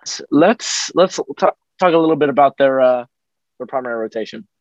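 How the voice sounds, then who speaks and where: A man co-hosting a casual sports podcast from a small home room, upbeat and joking with quick asides. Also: medium pitch, lively intonation, no room sound, lo-fi sound. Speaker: podcast co-host.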